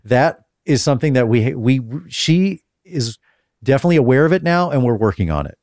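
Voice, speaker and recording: Calm, even-keeled man hosting a chat. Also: medium pitch, a little fast, no echo, clean studio sound. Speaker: podcast host interviewing guests. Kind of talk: casual conversational interview.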